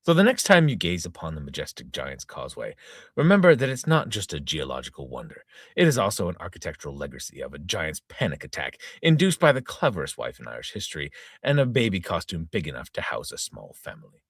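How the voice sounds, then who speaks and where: A man's voice: low voice, huge pitch swings, fast talker, a bit bright, slightly rough, no room sound, studio quality. A middle-aged man hosting a casual reading podcast, reading a comic news-style story aloud in a mock-dramatic newsreader tone, stumbling and restarting over words. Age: 40s to 50s. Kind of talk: casual read-aloud with tongue-in-cheek news delivery.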